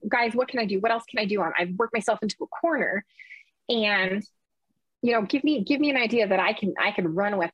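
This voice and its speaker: A woman's voice: medium pitch, husky, no room sound, dull audio. A middle-aged woman, a nurse, giving an earnest, impassioned account of her experience, often quoting what was said. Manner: earnest, impassioned, retelling with quoted dialogue. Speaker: nurse, interview guest. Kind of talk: emotional personal account.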